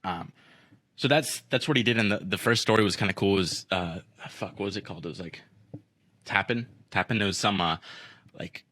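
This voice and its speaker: A man with a low, bright and forceful voice talks loosely through a story on a podcast. He swears freely, leans on "like" and acts out what people said. The delivery is relaxed, casual chat. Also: a little fast. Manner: loose and profane, heavy use of "like", acts out quotes. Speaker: podcast co-host.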